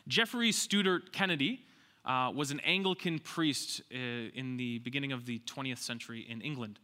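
A man's voice: medium pitch, normal speed, bright, forceful tone. A man preaching a sermon, speaking emphatically, repeating key lines and putting rhetorical questions to his congregation.

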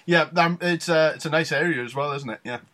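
A man with a softened Newcastle accent hosts a relaxed interview, feeling his way through questions with plenty of fillers. His voice sits a touch higher than most men's. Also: a little fast. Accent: toned-down Newcastle. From northeast England. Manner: hesitant, chatty, full of ums and fillers. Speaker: podcast host. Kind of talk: casual interview chat.

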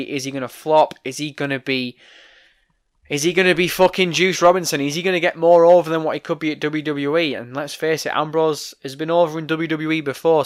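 A young man hosting a solo wrestling news vlog, ranting with heavy swearing while his voice goes hoarse. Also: a little high. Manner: profane, ranting, fired-up opinions. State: voice going hoarse.

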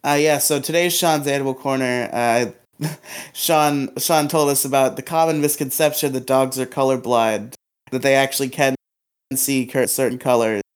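A man's voice: medium pitch, fairly even intonation, normal speed, clear, resonant tone. A man co-hosting a podcast, talking casually with crude language and frequent laughter. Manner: crude, laughs often, swears freely. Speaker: podcast co-host.

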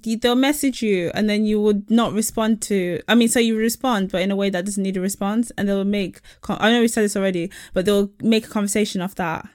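Young woman, animated storyteller, dry close sound. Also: mid-range voice, brisk, hardly any pauses, no room sound. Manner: animated, quotes others in put-on voices. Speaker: podcast co-host. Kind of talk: casual chat, storytelling.

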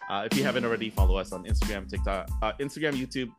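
A man's voice: on the low side, racing, over music. A man co-hosting a podcast, telling stories in casual chat and laughing often. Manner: laughs often, animated storytelling. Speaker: podcast co-host.

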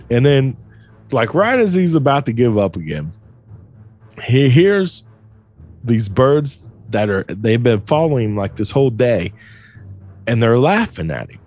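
A man's voice: mid-range voice, big pitch swings, normal speed, a little mellow. A young man casually retelling a story to a friend, loose and profane, laughing often.

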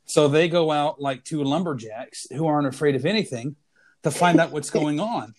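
A man's voice: a little high, moderate pace. A man co-hosting a podcast, telling a funny story in casual chat and laughing through his punchlines. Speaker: podcast co-host.

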